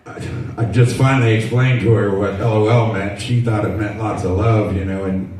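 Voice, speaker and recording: A man's voice: on the low side, steady tone, moderate pace, a little mellow. A man in his sixties doing a stand-up routine in a dry, rambling storytelling way. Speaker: stand-up comedian. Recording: echoey venue, mic from far off, faint noise.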